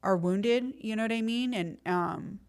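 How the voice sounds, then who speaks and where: A woman's voice: mid-range voice, a little slow. A middle-aged woman, a podcast guest telling her story in casual, streetwise slang full of fillers. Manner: lively when acting out quotes.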